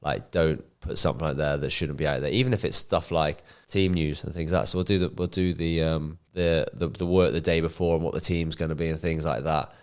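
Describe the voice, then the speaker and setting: Deep-voiced man telling stories. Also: steady tone, a little fast, few pauses, clear, resonant tone. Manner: laid-back storytelling with "do you know what I mean". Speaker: podcast co-host, footballer. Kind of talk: casual chat.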